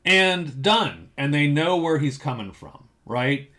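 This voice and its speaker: A man's voice: a little high, big pitch swings, takes it slowly, sharp tone. Rambling, self-deprecating man giving advice. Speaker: game master giving advice. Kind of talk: casual advice monologue.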